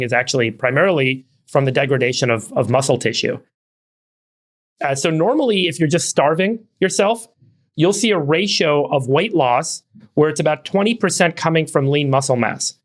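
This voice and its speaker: A middle-aged man co-hosting a podcast, explaining at length and fluently, with frequent word repeats. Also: mid-range voice. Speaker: podcast co-host.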